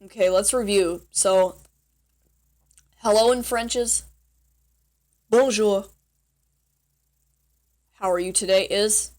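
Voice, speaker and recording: A woman's voice: medium pitch, steady tone, measured pace, long pauses. Young woman vlogging, teaching a bit of french, giggly and rambly, laughs at herself. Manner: giggly, rambling, self-deprecating. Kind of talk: casual chatty tutorial.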